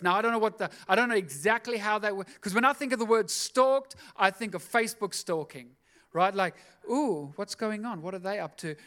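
A man's voice: high-pitched, a bit bright. A man preaching a sermon, telling a scripture story with casual, jokey asides. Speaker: pastor.

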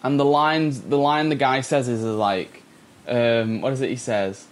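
A man's voice: mid-range voice, steady tone, a little slow. Brief: male podcast co-host, wry and rambling, casual chat.

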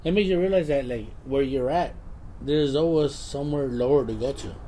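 A man's voice: mid-range voice, moderate pace, mellow, a little hiss or hum. A man in casual chat with friends, musing in laid-back slang.

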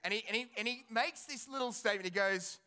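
A male pastor with a high, smooth voice talks fast as he preaches a sermon, animated and conversational, tossing rhetorical questions at his congregation.

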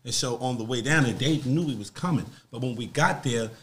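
A man's voice: mid-range voice, a little fast. A man from Harlem with a New York accent, a podcast guest telling rambling, profane stories in casual chat. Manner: animated, profane, rambling storyteller.

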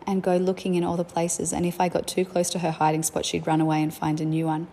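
Low, gravelly-voiced young mum. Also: female voice, completely flat delivery, fast talker, warm tone, slight background noise. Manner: candid, reflective, chatty. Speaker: parent sharing family life. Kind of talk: casual storytelling.

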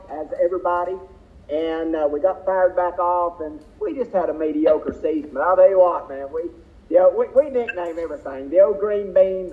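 A man, a drag racer, telling racing stories in a folksy, rambling way as an interview guest. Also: high voice. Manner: folksy, drawn-out storytelling with fillers. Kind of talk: casual storytelling interview. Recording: tinny phone-like line.

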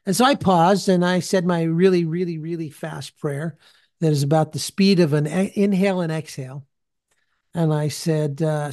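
A man's voice: on the high side, fairly even intonation, normal speed, darkish tone. A man who hosts a faith podcast and preaches, telling a story in conversation and acting out the people he quotes.

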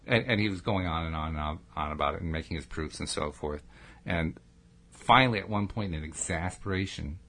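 A man's voice: low voice, a little fast, a bit bright. A middle-aged man co-hosting a podcast, chatty and telling stories with frequent laughs. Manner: chatty, storytelling, laughs often. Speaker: podcast co-host. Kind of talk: casual podcast chat.

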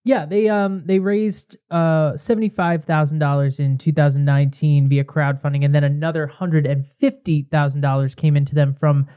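Excitable rambling podcast host. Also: male voice, a little high, moderate pace, few pauses, clean tone. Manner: rambling, excitable, many restarts. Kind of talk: casual chat.

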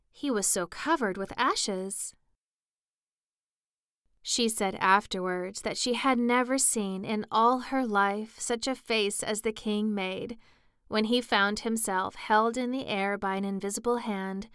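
A woman narrating a storybook as an audiobook, in a slow, even storytelling manner. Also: medium pitch, clean tone, no echo, clean studio sound. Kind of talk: audiobook reading.

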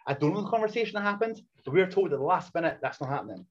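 A man in his thirties, a professional wrestler, telling anecdotes in a casual interview, animated and blunt with frequent laughter. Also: fairly high pitch, very fast, slight background noise. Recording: dull lo-fi recording.

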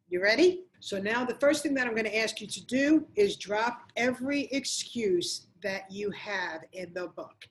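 A woman's voice: medium pitch, rough recording. A middle-aged woman giving an emphatic motivational talk to viewers and repeating phrases for effect. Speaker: motivational coach.

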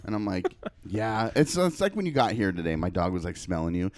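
A man's voice: sits low, animated, brisk, a little mellow, a little hiss or hum. A man co-hosting a podcast, swearing freely and acting out other people's lines as he tells a story. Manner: profane, storytelling, acts out quotes. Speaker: podcast co-host. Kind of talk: casual chat.

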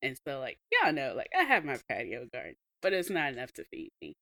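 Southern-accented woman co-host, laughs easily, loses her thread, bright, lively delivery. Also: very deep voice, fairly quick, vocal fry, dry recording, clean studio sound. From American South. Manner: laughs often, trails off mid-thought. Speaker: podcast co-host. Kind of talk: casual chat.

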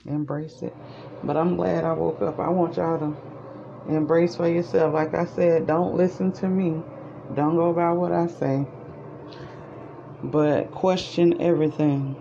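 A woman's voice: on the low side, fairly even intonation, unhurried, vocal fry, dark tone, lo-fi sound, slight background noise. A woman hosting a podcast, rambling in a chatty, casual way as she speaks straight to her listeners. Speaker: podcast host. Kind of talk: casual spiritual monologue.

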